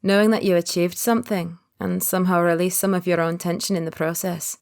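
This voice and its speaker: A woman voicing a reserved man in his early thirties in an audiobook, speaking quietly and guardedly. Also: lowish voice, level tone, vocal fry. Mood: quiet, earnest. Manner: quiet, guarded, opens up slowly. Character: reserved thirty-one-year-old man, secret agent. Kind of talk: audiobook character voice.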